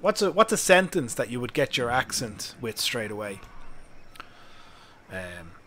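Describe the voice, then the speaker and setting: Irish male streamer, casual and chatty, mid-pitched, noisy background. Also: sing-song, unhurried, sharp tone. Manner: chatty, laughs often, thinks aloud. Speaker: game streamer. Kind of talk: casual live-stream chat.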